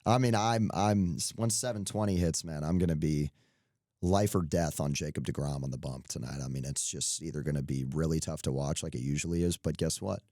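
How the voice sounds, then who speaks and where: Deep-voiced young man riffing on picks. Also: brisk, warm tone, no room sound, studio quality. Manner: joking, rambling, laughs at himself. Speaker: podcast co-host. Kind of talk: casual sports betting chat.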